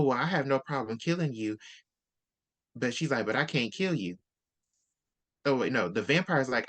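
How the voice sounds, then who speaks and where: A man's voice: medium pitch, a bit bright. A man in casual chat, animatedly retelling a book's plot and acting out the characters' lines. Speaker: book-swap co-host. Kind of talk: casual book discussion.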